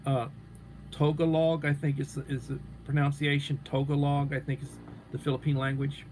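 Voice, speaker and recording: A man's voice: mid-range voice, completely flat delivery, fairly quick, noisy background. A man hosting a live stream, chatting casually and rambling as he answers viewers' comments. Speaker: livestream host.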